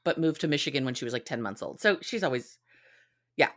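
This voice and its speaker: A woman in her forties, a podcast co-host, telling stories in casual, expressive chat and swearing freely. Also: a bass voice, quick pace.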